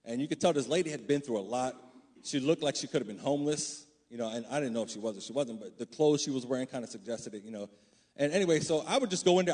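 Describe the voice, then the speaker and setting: A man's voice: on the high side, a little mellow, husky. A man preaching a sermon: he reads scripture aloud, then talks loosely and conversationally, checking in with the congregation.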